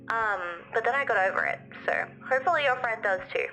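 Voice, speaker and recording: A woman's voice: on the high side, quick pace, hardly any pauses, over music, rough recording. A young Australian woman streaming as a VTuber, chatting casually and rambling with frequent restarts. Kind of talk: casual livestream chat.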